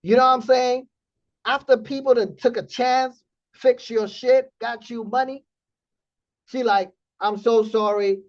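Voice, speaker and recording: A man hosting a trading community stream, telling a story in blunt, animated casual talk with profanity. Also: very high-pitched, a little slow, lo-fi sound.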